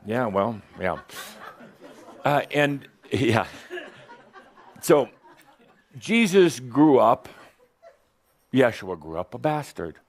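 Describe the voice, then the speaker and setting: A man's voice: medium pitch, sing-song, extremely slow, pauses often. A man giving a playful, provocative spiritual teaching talk to a live audience in a workshop room, laughing often.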